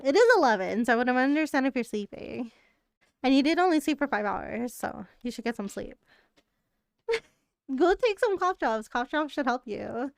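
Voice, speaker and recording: Woman streamer, rambling and chatty, laughs a lot; smooth voice, dry close sound. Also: a little high, no room sound. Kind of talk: casual live-stream chat.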